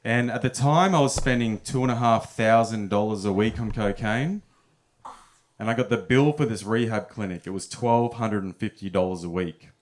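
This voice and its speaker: A man's voice: fairly low pitch, normal speed, a little hiss or hum. A young man telling stories in a stand-up set at a comedy club, often chuckling at his own punchlines.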